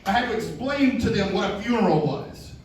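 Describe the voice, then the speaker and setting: A man's voice: high-pitched, animated, a little fast, a little hiss or hum. A man doing a self-deprecating stand-up set, telling family stories on a club stage. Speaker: stand-up comedian. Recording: echoey club, distant mic, audience.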